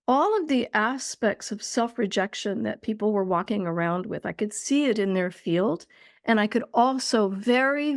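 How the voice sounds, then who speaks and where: A woman guest on a podcast, recounting a spiritual experience in a slow, earnest, deliberate way. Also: fairly high pitch, no room sound, clean studio sound.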